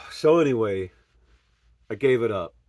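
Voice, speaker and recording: A man telling his own story in an earnest, emotional way, swinging from loud pleading to hushed murmurs. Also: mid-range voice, creaky, no room sound, studio quality. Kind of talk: personal storytelling monologue.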